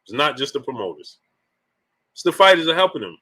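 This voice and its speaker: Bright-toned laughing stream host, man. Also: fairly high pitch, sing-song, a little fast. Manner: laughs often, emotional, slangy. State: laughing to tears. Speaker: sports channel host. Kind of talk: live-stream chat, reading super chats.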